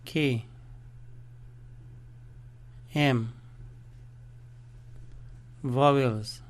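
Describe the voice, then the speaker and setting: A man's voice: medium pitch, steady tone, extremely slow. A man teaching a language lesson, patiently spelling out letters and syllables one by one.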